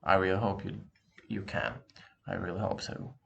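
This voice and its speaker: A man teaching a language lesson, patient and encouraging, repeating words slowly to show how they sound. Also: low voice, gravelly, a bit bright, a little hiss or hum. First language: Russian. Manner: slow, drawn-out demonstration pronunciations. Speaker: Russian teacher.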